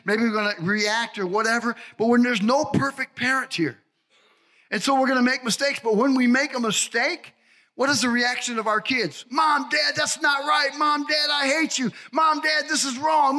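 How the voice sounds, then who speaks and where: A man preaching as a pastor, delivering a sermon with shouted emphasis and swings between high cries and low asides.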